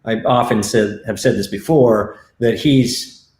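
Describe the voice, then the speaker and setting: A man who works as a stunt coordinator, recounting his career in a reflective, halting way with many fillers over a video call. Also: lowish voice, darkish tone, reverberant. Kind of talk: storytelling in a remote stream interview.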